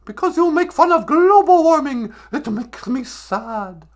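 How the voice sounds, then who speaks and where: A man putting on a shrill, wailing young activist girl. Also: lively intonation, measured pace. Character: whiny tearful young female climate activist.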